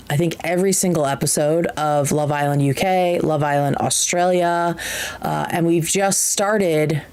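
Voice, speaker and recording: Woman, podcast host, casual live-stream chat, chatty and animated, lowish voice. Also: low-quality recording. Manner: chatty and animated, with many fillers and restarts.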